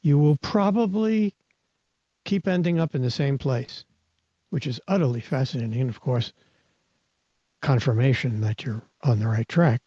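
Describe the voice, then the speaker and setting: With a mid-range, dark, husky voice, this mindset coach hosts a live audio talk at normal speed, leaving long pauses on a dry recording. His teaching is emphatic, full of repeated words and restarts, and the online sound is dull and lo-fi.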